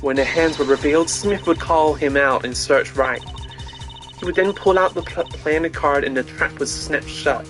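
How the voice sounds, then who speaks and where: A man voicing a scheming young woman card sharp with a sly, boastful manner, reading game dialogue aloud. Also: fairly high pitch, moderate pace, faint music behind, close to an everyday voice. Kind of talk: game dialogue read-along.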